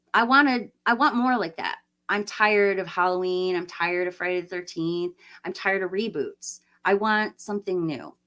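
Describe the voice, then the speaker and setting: Her mid-range voice is a bit bright. The livestream host, a woman in her late forties, chats loosely and laughs often as she responds to comments from viewers.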